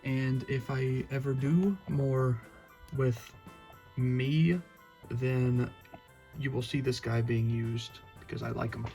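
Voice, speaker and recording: A man's voice: medium pitch, fairly even intonation, slow pace, creaky, mellow, soft background music. A young man with a Southern accent giving a casual, rambling room tour in his bedroom, full of fillers and restarts.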